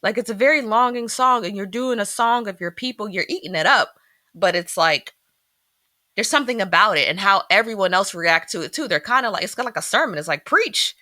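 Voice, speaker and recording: A woman's voice: medium pitch, fairly quick, no echo, clean studio sound. A woman from Philadelphia co-hosting a podcast, chatting casually and expressively about a film she reviews. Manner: animated, expressive, teasing. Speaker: podcast co-host.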